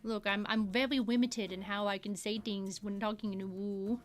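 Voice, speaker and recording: A woman's voice: medium pitch, steady tone, moderate pace, faint music behind, natural voice. A woman streamer putting on a sweet, playful uwu baby-talk voice, lisping and drawing out her words as she chats while drawing. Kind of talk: casual live-stream chat while drawing.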